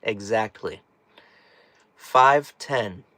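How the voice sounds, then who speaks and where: In a tiny house, a man reads viewers' chat questions aloud during a casual live stream, joking and laughing frequently in a chatty way. His lowish voice is bright and forceful, and he draws out his words. It cracks every so often, and there's no room sound.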